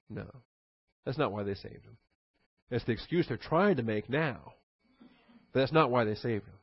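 A man teaching a Bible passage verse by verse in a conversational sermon style, with animated, sarcastic asides. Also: mid-range voice, moderate pace, long pauses, dry recording, highs cut off.

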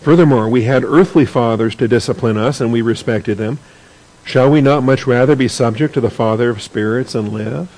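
An earnest man teaching scripture to a class in a conversational tone. His pitch is ordinary for a man, and he often repeats a word while searching for his phrasing. He reads passages and then comments on them plainly. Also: normal speed, a little mellow, rough recording.

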